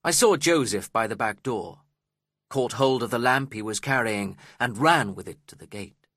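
A man reading a first-person story aloud in a steady, measured way. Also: mid-range voice, husky, no echo, clean studio sound. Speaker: audiobook narrator. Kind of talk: scripted first-person narration.

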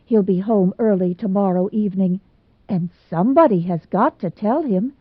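A woman's voice: mid-range voice, moderate pace, no room sound, close to an everyday voice. A woman voicing a timid, plump young bride who talks in breathless, pleading bursts and stammers. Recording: dry tinny phone-like sound.

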